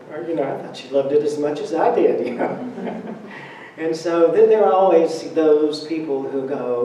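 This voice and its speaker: A man with a fairly high, dark-toned voice speaks at a moderate pace, telling stories with humor and laughter in a conversational Sunday church talk. The audio is dull with a little hiss or hum, recorded in a roomy sanctuary far from the mic.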